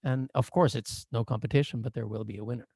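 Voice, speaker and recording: A man coaching a workshop over a video call, explaining in a playful, animated, joking way. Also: medium pitch, quick pace, creaky, slightly rough, no echo, clean studio sound. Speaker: coach and therapist. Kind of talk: online workshop lecture.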